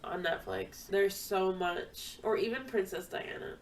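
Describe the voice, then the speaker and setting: A woman's voice: medium pitch, measured pace, slight background noise, poor audio. A young woman co-hosting a podcast in casual chat, dry and matter-of-fact with a teasing edge. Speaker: podcast co-host.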